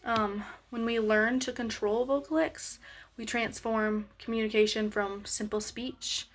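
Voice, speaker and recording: Slow-speaking young woman explaining. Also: on the high side, fairly even intonation. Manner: slow, measured, many pauses and fillers. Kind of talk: explaining a lesson.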